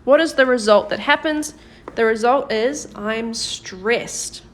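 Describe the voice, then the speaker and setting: A woman teaches a live-streamed lesson in a slightly high, light voice. She is patient and encouraging, cheering on viewers by name, and slows right down whenever she models an example sentence. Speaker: Korean language teacher.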